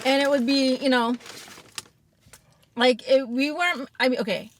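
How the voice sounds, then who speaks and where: A woman's voice: high voice, steady tone, moderate pace. A woman chatting casually on an eating show, telling rambling, giggly stories. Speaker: podcast co-host. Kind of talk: casual chat while eating.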